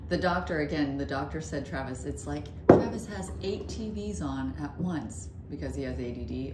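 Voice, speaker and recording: A woman's voice: deep voice, expressive, moderate pace, few pauses. A woman co-hosting a podcast, teasing and laughing in casual chat. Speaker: podcast co-host. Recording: echoey room with audible hiss.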